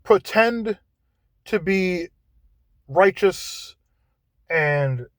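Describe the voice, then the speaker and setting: A man talking in a casual monologue, halting and often repeating words as he searches for how to phrase things. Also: high voice, lively intonation, no room sound.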